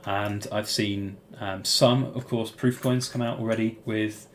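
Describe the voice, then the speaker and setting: A man's voice: fairly low pitch, steady tone, measured pace, slight background noise. A British man hosting a casual live-stream Q&A, answering viewers' chat questions in a rambling way with plenty of "um" and "uh". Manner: rambling, many fillers and restarts.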